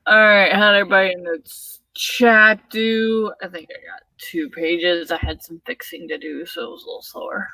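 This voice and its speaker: A woman hosting a casual writing livestream, relaxed and encouraging as she reads out updates. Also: medium pitch, normal speed, few pauses, dry recording, far from the mic. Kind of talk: casual chat.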